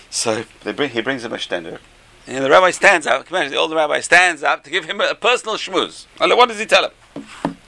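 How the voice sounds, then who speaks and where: A middle-aged or older man, a rabbi teaching a class, tells stories in an animated way with many rhetorical questions. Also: on the high side, brisk, gravelly, a little hiss or hum. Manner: animated, rhetorical questions, stretches key phrases. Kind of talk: Torah class storytelling.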